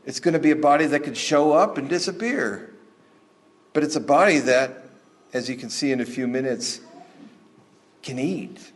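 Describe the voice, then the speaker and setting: Brief: male pastor, relaxed storytelling sermon, slightly high voice. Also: moderate pace, long pauses. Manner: conversational, animated storytelling with restarts.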